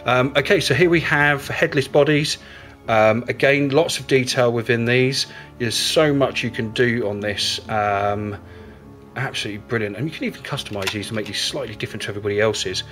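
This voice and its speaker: A man's voice: mid-range voice, fairly quick, fairly bright tone, faint music behind. A man giving a casual, enthusiastic review of miniatures, rambling with lots of ums and uhs. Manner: enthusiastic, rambling with many fillers.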